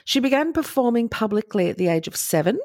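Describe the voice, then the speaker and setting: A woman's voice: a little high, big pitch swings, fast talker, a little mellow, no room sound, clean studio sound. A woman co-hosting a casual podcast, chatting and reading history notes aloud in a chatty, joking way. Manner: chatty, laughs, breaks into jokey voices. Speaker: podcast co-host.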